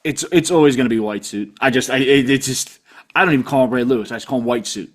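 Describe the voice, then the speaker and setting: A man's voice: medium pitch, fast talker. A man with a Pittsburgh accent co-hosting a casual sports podcast, rambling, laughing often and acting out silly bits of dialogue. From Pittsburgh area. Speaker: podcast co-host.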